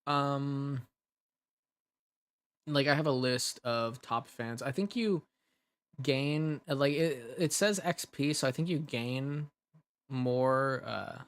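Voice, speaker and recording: A man's voice: mid-range voice, takes it slowly, pauses often, smooth. Chatty, giggly man on a livestream. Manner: laughs often, rambling and self-deprecating; reads chat messages aloud and answers them. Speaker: ASMR creator hosting a livestream. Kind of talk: casual livestream chat.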